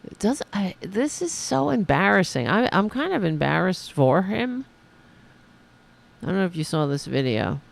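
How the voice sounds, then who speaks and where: A woman's voice: lowish voice, sing-song, moderate pace, creaky. A middle-aged woman hosting a political commentary podcast, ranting angrily and swearing a lot. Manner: angry, profane ranting. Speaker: podcast host.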